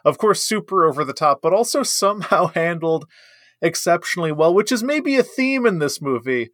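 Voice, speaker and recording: A man's voice: sits high, expressive, moderate pace, fairly bright tone, dry recording, studio quality. A man co-hosting a casual movie review chat, enthusiastic and emphatic, laughing often. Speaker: podcast co-host.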